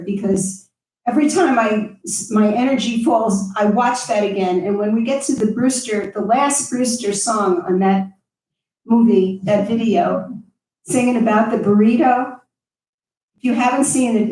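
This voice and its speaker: A woman chatting casually and laughing between songs as a guest singer-songwriter at a tavern. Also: mid-range voice. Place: tavern stage. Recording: echoey room, distant mic, loud guitar.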